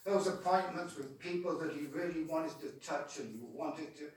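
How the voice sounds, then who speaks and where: A man's voice: on the high side, normal speed. A man, a Christian street evangelist, tells a testimony story and often repeats words as he goes. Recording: echoey room from far off.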